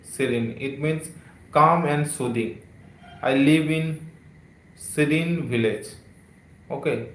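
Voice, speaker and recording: Male English tutor, live stream, slow and repetitive, echoey room, mid pitch. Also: a bit bright. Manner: slow, repeats words, many "okay" and "uh" fillers. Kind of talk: live-streamed vocabulary lesson.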